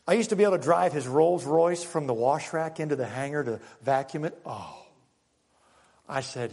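An older man preaching a sermon and telling stories, moving from loud, emphatic lines to hushed ones. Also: mid-range voice, moderate pace. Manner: animated, swinging from loud to hushed. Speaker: pastor. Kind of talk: sermon with personal storytelling. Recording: long hall reverb.

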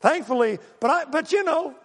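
A man preaching a sermon, animated and full of rhetorical questions and acted-out asides to the congregation. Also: very high voice, moderate pace, in a large hall. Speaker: pastor.

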